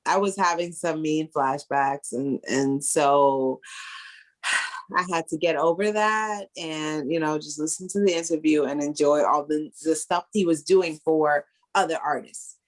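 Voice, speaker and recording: A woman's voice: deep voice, measured pace. A tipsy Caribbean American woman with a lawyer's background, co-hosting a casual podcast chat and rambling with frequent laughter. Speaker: podcast co-host; entertainment lawyer.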